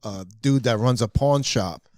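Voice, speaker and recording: A man's voice: mid-range voice, unhurried, no room sound, clean studio sound. A young man hosting a casual comedy podcast, telling stories with lots of laughter and acted-out quotes. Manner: animated storyteller, laughs often, acts out quotes. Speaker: podcast host.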